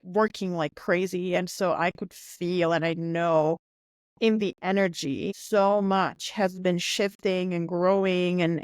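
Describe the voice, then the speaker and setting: A woman hosting a podcast in casual conversation, animated and swearing freely as she acts out quoted voices. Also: lowish voice, no echo, clean studio sound. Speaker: podcast host.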